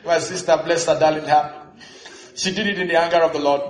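A man preaching a lively sermon, laughing often and acting out the people he quotes. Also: fairly high pitch, quick pace, background noise. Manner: animated, laughing, acts out quoted voices. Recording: echoey hall.

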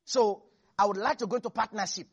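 A woman's voice: medium pitch, fast, breathy edge. A woman preacher voicing a shrewd woman striking a deal with two visitors. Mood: persuasive.

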